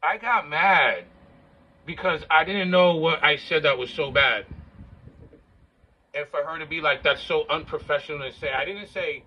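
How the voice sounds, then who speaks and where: A man's voice: on the high side, moderate pace, sharp tone, lo-fi sound, slight background noise. A man in his forties rambling casually to the camera in a blunt, boastful and profane way. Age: 40s. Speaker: vlogger.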